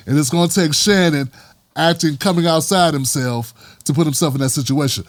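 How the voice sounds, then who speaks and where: A man's voice: fairly high pitch, no room sound, studio quality. A man hosting his own commentary show, talking in an emphatic, street-casual way. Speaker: host. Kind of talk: political commentary vlog.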